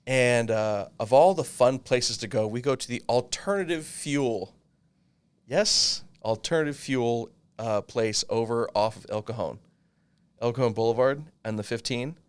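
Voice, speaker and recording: A man in his thirties telling a long personal story in casual chat, animated and swearing freely. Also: medium pitch, measured pace, clean tone. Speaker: podcast co-host.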